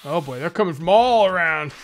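A man's voice: on the high side, fairly quick, slight background noise. A man hosting a let's play, giving casual gameplay commentary and taunting enemies as he goes. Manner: excitable, jokey, taunts enemies.

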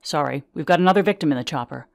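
A woman voicing a brisk, clipped male paramedic. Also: sits low, no echo. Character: brisk adult male paramedic, matter-of-fact.

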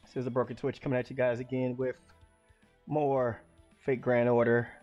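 A man casually streaming a game, rambling and restarting his sentences, sometimes bursting into loud exclamations. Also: medium pitch, flat delivery, normal speed, lo-fi sound, faint music behind. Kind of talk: casual let's-play commentary.

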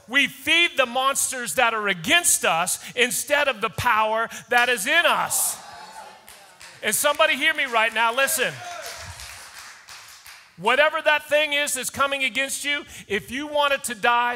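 A male pastor preaching a sermon with urgency, rising at times to shouts in a church auditorium. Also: very high voice, measured pace. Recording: long hall reverb.

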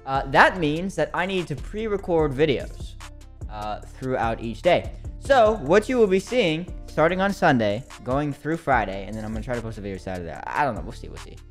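A man's voice: mid-range voice, big pitch swings, moderate pace, faint music behind. A man in his late teens chatting casually to viewers as he plays a game. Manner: chatty, slangy, talks to viewers. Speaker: gaming youtuber.

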